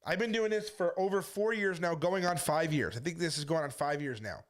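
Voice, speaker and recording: A man with a fairly high voice speaks as a street preacher in a loose, unscripted monologue. He sounds defensive, tells his story at length and slips into the voices of the people he quotes. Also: a little fast. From United States. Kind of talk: casual monologue to camera.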